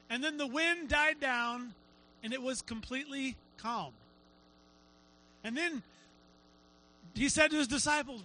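High, bright-voiced animated preacher man. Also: moderate pace, long pauses, rough recording. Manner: animated storytelling, acts out quotes. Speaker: pastor. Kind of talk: sermon.

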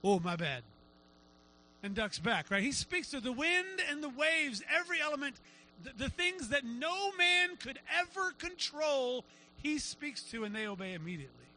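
High, bright-voiced animated preacher man. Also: moderate pace, rough recording. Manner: animated storytelling, acts out quotes. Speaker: pastor. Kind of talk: sermon.

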